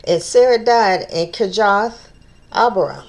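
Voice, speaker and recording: A woman's voice: medium pitch, expressive, slow. A woman leading an informal Bible study, reading scripture aloud and stopping to think aloud about it, stumbling over old names and repeating phrases as she works things out.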